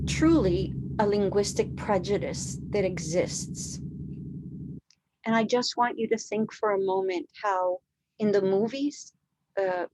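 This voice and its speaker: A woman's voice: mid-range voice, a little mellow, a little hiss or hum. Female presenter, 60s, non-native English speaker, earnest and emphatic conference talk, mid-range voice. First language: a language other than English. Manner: earnest, emphatic, poses rhetorical questions. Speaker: educator presenting a conference session.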